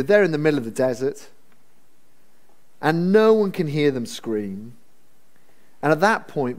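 A man's voice: a little high, a little mellow. A man preaching a Bible sermon in a conversational, humorous storytelling manner. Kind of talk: expository sermon.

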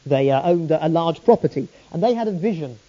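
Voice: medium pitch, lively intonation, fairly quick, dark tone. A preacher giving a sermon, telling the story with earnest rhetorical questions, on a dull lo-fi recording.

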